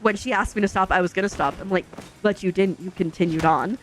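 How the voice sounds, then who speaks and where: A woman's voice: medium pitch, fast talker, faint music behind. A woman streamer telling a long family story in casual, chatty talk full of fillers.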